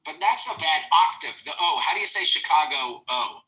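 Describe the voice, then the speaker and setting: A man's voice: fairly high pitch, expressive, brisk, pushed and bright, rough recording. A man hosting a live audio chat room over a phone, talking casually and rambling with repeats and slang.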